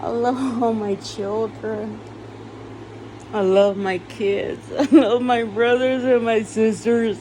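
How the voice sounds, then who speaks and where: A woman's voice: a little high, fairly even intonation, slow, warm tone, slight background noise. A tearful woman in a rambling, emotional personal monologue, swearing now and then and breaking into laughter.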